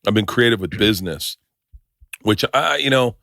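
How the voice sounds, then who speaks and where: Podcast host dude, lowish voice, dry close mic, keeps restarting his sentences, swears casual. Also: animated, moderate pace, creaky, bright, forceful tone, no room sound.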